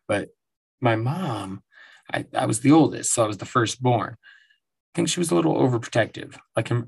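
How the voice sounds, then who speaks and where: This podcast host speaks in a mid-range voice with vocal fry. In his forties, he runs his own show from home, telling stories in a loose, swear-filled monologue punctuated by frequent laughter.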